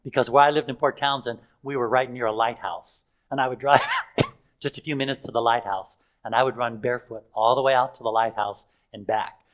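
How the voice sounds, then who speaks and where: A man's voice: medium pitch, steady tone, a little fast, poor audio. An older man preaching in a chatty storytelling way, with fillers and frequent chuckles. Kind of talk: anecdotal sermon.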